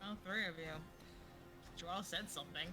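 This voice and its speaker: A woman's voice: lowish voice, normal speed, loud music behind the voice. A woman running a tabletop game as game master, narrating hesitantly with fillers.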